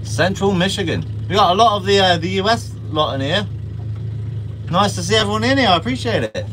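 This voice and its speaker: A man with a high voice chats casually with his livestream viewers, dropping friendly slang as he goes. He is out on a small fishing boat, and loud engine and wind noise sit under his voice. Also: expressive, brisk. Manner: chatty, reads out viewer comments, friendly slang. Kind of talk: casual live-stream chat with viewers. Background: boat engine and water.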